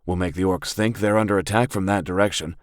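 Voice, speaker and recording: Guy doing a cool stealthy rogue, calm planner, dry close sound. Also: low voice, fast, no echo, close to an everyday voice. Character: calm male rogue, tactical and level-headed.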